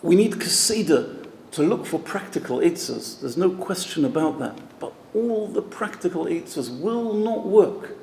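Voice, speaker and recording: A man's voice: sits high, expressive, a little slow, vocal fry, a little mellow, a little hiss or hum. A man, a rabbi, giving an emphatic, storytelling talk at an event. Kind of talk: sermon-style talk at an event. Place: event hall. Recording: echoey hall with long reverb.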